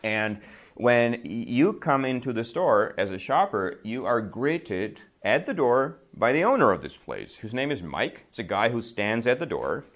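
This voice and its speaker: A man's voice: mid-range voice, sing-song, a little slow, fairly bright tone. A man giving a casual English lesson, telling a story and often checking that listeners follow with "right?", laughing between remarks. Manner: chatty, checks understanding with frequent "right?". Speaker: English teacher.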